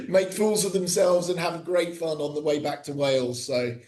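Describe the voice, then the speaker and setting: A middle-aged man, a podcast guest, speaking casually with many pauses, fillers and restarts. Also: a little high, a little mellow. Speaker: guest, cricket coach.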